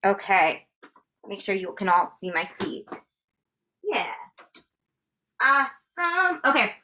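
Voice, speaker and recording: A woman's voice: medium pitch, sing-song, slow pace, pushed and bright, distant mic. A woman in her thirties teaching a tap dance class, upbeat and counting out steps as she goes. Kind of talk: live online dance class instruction.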